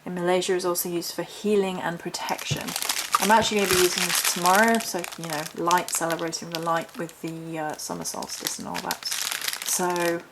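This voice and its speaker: Talking briskly with barely any pauses, a woman with a low, flat delivery rambles through a haul as a chatty witchcraft vlogger, reading notes out of a book. The audio is very noisy.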